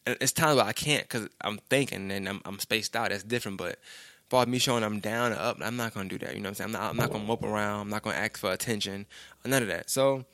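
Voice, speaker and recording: Recorded cleanly in a studio with no room sound, a young man with a lowish, somewhat bright voice speaks quickly. His casual monologue is a loose, rambling personal story, peppered with "you know what I'm saying."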